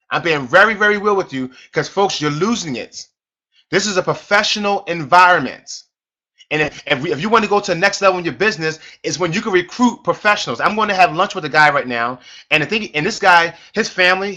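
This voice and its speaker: A middle-aged man with a high, forceful voice coaching his sales team on a conference call. He preaches in an emphatic, repetitive way and keeps circling back to his point. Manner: emphatic, repetitive, preachy, addresses listeners as folks. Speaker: network marketing team leader.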